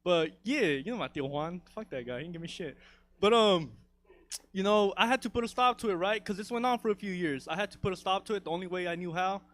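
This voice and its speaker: A man's voice: sits high, fast talker, fairly bright tone. A man telling a story in a stand-up set, rambling and profane and full of "dude" and "you know". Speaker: stand-up comedian.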